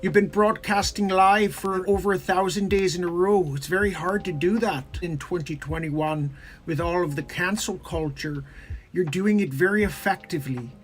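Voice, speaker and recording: Hear an earnest male professor, put on by a performer in a comedy bit. He speaks formally in a mid-pitched voice, with faint music behind. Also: normal speed, lightly acted. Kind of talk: comedic impression.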